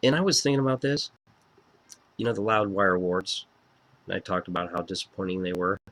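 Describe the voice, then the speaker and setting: A man reviewing a favorite album in a casual video, excitable and profane, gushing as a fan. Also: low-pitched, brisk, no echo.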